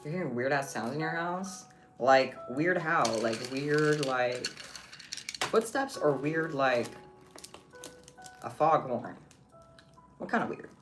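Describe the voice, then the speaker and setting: A woman's voice: sits low, animated, slow pace, long pauses. A woman streaming live while she crafts, chatting playfully with her viewers and her cat. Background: background music.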